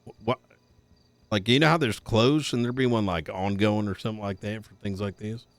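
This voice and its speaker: A man's voice: on the low side, steady tone, a little fast, no room sound. A man in a casual roleplay doing a put-on accent, hesitant and swearing casually.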